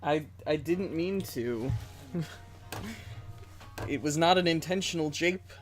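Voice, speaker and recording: A streamer chats casually with the live audience, telling a long, rambling story full of fillers and little laughs. The voice sits at a middle pitch, and faint game music plays underneath. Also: takes it slowly. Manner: rambling and giggly, with many fillers.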